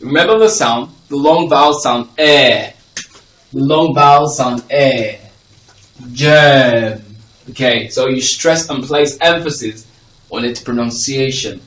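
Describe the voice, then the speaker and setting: A man's voice: mid-range voice, moderate pace, a bit bright. A male teacher giving a phonics lesson to a class. He repeats example words with stress and checks that the class is following. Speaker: English teacher. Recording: echoey room, voice from a distance.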